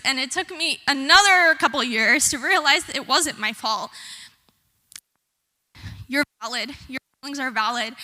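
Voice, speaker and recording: A young woman student telling a personal story on stage, tearful and nervous, talking quickly and chattily. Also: sits high, sharp tone, big-room sound. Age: young adult. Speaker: student speaker. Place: concert hall stage.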